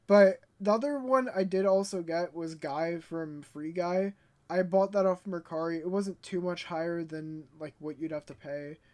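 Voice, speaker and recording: A young woman vlogging in a casual, animated storytelling way, stuttering when she gets worked up. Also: lowish voice, moderate pace. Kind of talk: casual ranting vlog.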